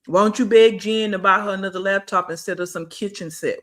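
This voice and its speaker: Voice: medium pitch, steady tone, fairly quick, a bit bright. A reaction channel host giving blunt, scolding commentary and talking back at a clip.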